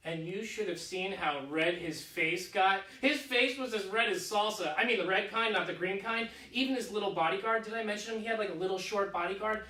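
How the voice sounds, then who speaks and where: A man performing a comic theatrical monologue in a goofy, slangy, excitable manner, full of "like", in his living room. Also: sits high, brisk, hardly any pauses. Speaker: solo stage performer. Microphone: camera across the room. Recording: roomy room audio from a distant camera.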